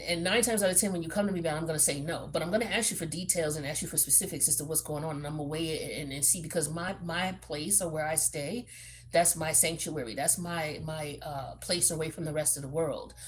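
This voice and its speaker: A woman with a fairly low voice gives a casual tarot reading in a blunt, profane, streetwise way. She talks like she's chatting with a friend, full of fillers and asides. A faint hiss sits under her voice. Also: brisk. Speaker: tarot reader.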